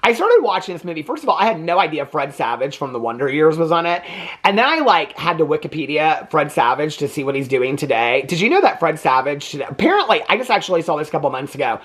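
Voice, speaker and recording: A man's voice: fairly high pitch, very animated, fast talker, a bit bright, slightly rough. A man in his fifties giving a casual, rambling movie review, chatty and full of digressions. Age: 50s. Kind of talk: casual chat.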